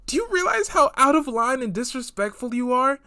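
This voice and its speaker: A man reading out text messages as a defensive teenage girl, speaking in a shrill, offended way. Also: very animated, fairly quick, sharp tone, heavily acted. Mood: indignant.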